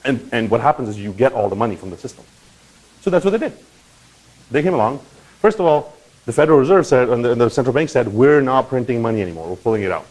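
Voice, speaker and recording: A man hosting a crypto channel, talking in a casual, animated explainer style and often checking in with "right?" and "okay?". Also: mid-range voice, fast, long pauses, husky, low-quality recording. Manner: animated, swings into loud mock voices and profanity; conversational with frequent "right?" and "okay?".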